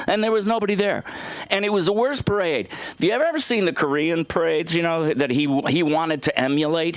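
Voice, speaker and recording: A middle-aged man doing an open mic stand-up set on a small club stage, telling stories in a halting, rambling way full of fillers and restarts. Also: a little high, a bit bright, no echo.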